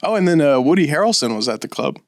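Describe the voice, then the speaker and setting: A man's voice: a little high, sing-song, fast talker, gravelly, no echo, clean studio sound. A young man, a stand-up comedian co-hosting a podcast, laid-back and wry, chuckling as he talks. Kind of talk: casual chat.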